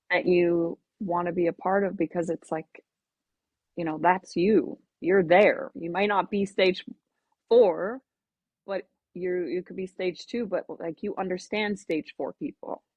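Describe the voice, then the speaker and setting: A woman guest on a podcast, talking in an earnest, reflective, halting way in casual interview chat. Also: lowish voice, fairly even intonation, darkish tone, no room sound. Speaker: podcast guest, melanoma advocate. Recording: dull lo-fi podcast audio.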